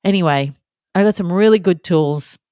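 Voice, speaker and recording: A woman in her thirties talks candidly into a close mic, chatty and self-deprecating, acting out little scenes as she goes. Her voice sits low, and the sound is dry and near, with no room around it. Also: normal speed, dark tone, smooth, no room sound. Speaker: podcast host. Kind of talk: candid solo podcast monologue.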